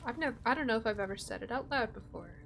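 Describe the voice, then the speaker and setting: A woman's voice: a little high, animated, racing, gravelly, a bit bright, a little hiss or hum. Chatty young woman streamer, casual and sweary. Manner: chatty, swears freely, answers chat. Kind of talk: casual gameplay commentary.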